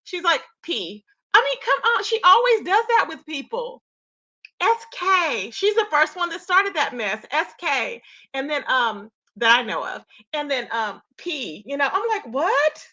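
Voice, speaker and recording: Reacting to a clip of a streamed argument, a woman gives sassy, gossipy commentary, talking straight to her chat and calling them "y'all." Her high voice is very animated and sharp, yet unhurried.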